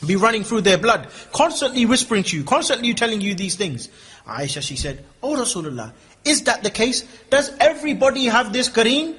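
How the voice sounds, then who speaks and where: A man delivers an Islamic lecture in a loose, joking, conversational way. His voice sits fairly high and has a husky edge. He slips into mock voices to tease the audience. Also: fairly bright tone. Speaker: Islamic preacher. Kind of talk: lively mosque lecture.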